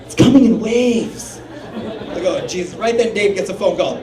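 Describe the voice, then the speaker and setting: A man's voice: sits high, moderate pace, a little mellow. A male stand-up comedian telling a story on a small bar stage, swearing a lot and acting out his friends' lines. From Salt Lake City area. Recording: roomy bar recording from a distance. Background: crowd laughing.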